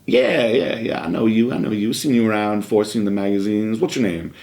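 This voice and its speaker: A man impersonating a huge, loud, brash male bodybuilder who talks bluntly and boastfully. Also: lowish voice, animated, brisk, vocal fry. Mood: approving.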